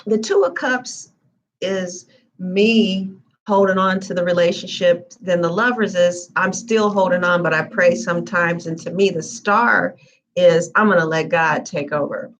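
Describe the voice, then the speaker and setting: A woman's voice: on the low side, a little slow, a bit bright, highs cut off. A woman giving a tarot reading in a casual, chatty live-stream manner with lots of fillers. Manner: chatty, conversational, frequent fillers. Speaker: tarot reader.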